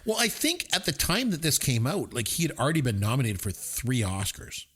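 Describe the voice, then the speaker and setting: A man's voice: mid-range voice, big pitch swings, brisk, fairly bright tone, slightly rough. A man co-hosting a podcast, rambling casually through a movie review and laughing as he retells scenes. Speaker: podcast co-host.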